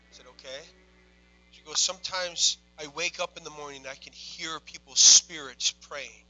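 A young man preaching a sermon, telling a personal story quietly, then building to loud, impassioned preaching. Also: fairly high pitch, normal speed, faint music behind, poor audio.

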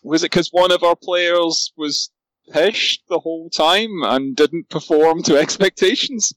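A man's voice: fairly high pitch, a little slow, a bit bright, dry recording, rough recording. A man with a Scottish accent, a guest in a casual podcast chat, teasing the others.

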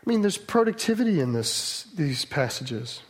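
A man's voice: high voice, sing-song, fast. A man preaching a sermon on Genesis, earnest and emphatic, working through verses and asking rhetorical questions.

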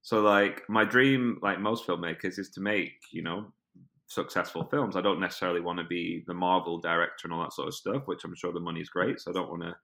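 A British man, an actor and filmmaker, chatting as an interview guest with a rambling, animated way of telling stories and lots of "like" fillers. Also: low-pitched, fairly quick, gravelly. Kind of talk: casual interview chat.

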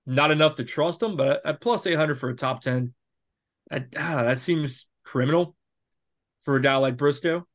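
A man's voice: on the high side, moderate pace. Rambling man in his thirties. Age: 30s. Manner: rambling, self-correcting, thinks aloud. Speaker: podcast co-host. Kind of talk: casual sports betting chat.

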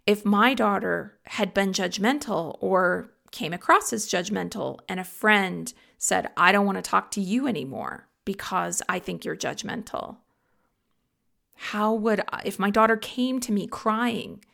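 A middle-aged woman hosting a reflective solo talk, earnest and gently confiding as she shares personal thoughts. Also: mid-range voice, gravelly.

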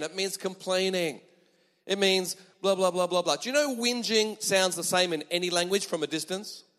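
A man preaching a sermon, emphatic and animated, with chatty asides to the congregation. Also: high-pitched, long reverb tail.

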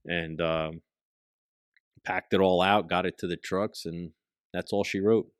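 Man, low voice, casual storyteller, swears freely, animated then hushed, dry close sound. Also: measured pace, clear, resonant tone, no echo. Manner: profane, animated storyteller who drops into hushed tones. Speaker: hunting guest.

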